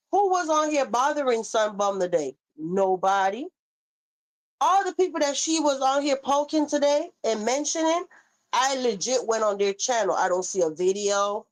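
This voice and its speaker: A woman's voice: sits high, low-quality recording. Sassy Caribbean woman ranting on a live stream. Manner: sassy, scolding, talks straight to chat. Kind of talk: heated live-stream rant reading chat. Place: home.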